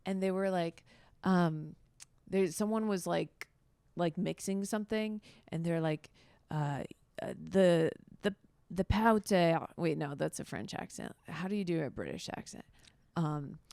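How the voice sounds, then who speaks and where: Animated lower-voiced woman comedian. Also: vocal fry, no echo, studio quality. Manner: animated, storytelling, quick to laugh. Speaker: comedian guest. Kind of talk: casual comedy podcast chat.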